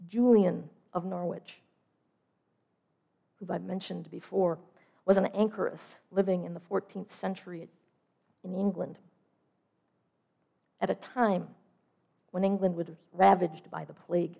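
Woman preaching with vocal fry. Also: lowish voice, steady tone, lo-fi sound. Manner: measured, reflective, softening on line ends. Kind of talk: sermon storytelling.

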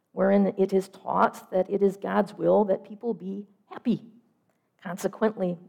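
Woman preaching with vocal fry. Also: mid-range voice. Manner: measured, reflective, softening on line ends. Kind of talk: sermon storytelling.

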